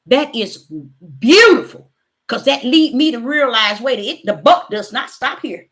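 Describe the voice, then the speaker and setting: A woman's voice: high voice, lively intonation, unhurried, a bit bright. A middle-aged woman giving a fervent spiritual testimony to her viewers, preachy and repeating her words. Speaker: YouTuber.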